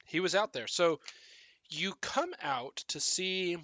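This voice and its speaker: A man's voice: high voice, animated, slow, bright, forceful tone, dry recording. A man running a tabletop game as game master, describing scenes and correcting himself as he goes.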